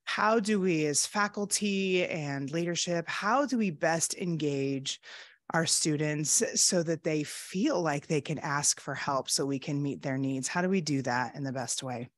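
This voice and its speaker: A polite woman, a university dean, asks a measured question from the audience. Her voice is low. The recording is dry. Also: no room sound.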